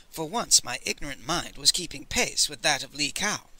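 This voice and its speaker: A man narrating an audiobook in an expressive, animated storytelling manner. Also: mid-range voice, normal speed, few pauses, dry recording, rough recording.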